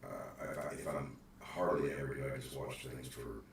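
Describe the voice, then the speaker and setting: A man's voice: a bass voice, fairly even intonation, normal speed. A man hosting a casual rambling chat, loose and joking. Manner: loose, joking, self-deprecating. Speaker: video host. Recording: echoey room with faint noise.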